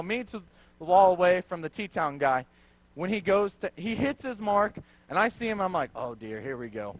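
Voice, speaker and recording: A young man in his twenties gives a sermon in a church. He tells it as a joking personal story and often drops into low, wry asides. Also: fairly bright tone. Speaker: preacher.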